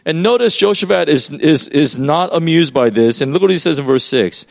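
A man's voice: a little high, expressive, a little fast, vocal fry, hardly any pauses. A man preaching a sermon in a loose, conversational way, explaining as he goes with many fillers and restarts.

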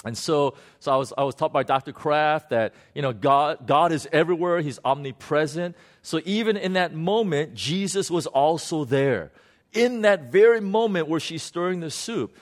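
Earnest, halting male storyteller. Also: fairly high pitch, animated. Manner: earnest, halting, many restarts and repeated words. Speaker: minister recounting a prayer session. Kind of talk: unscripted storytelling testimony.

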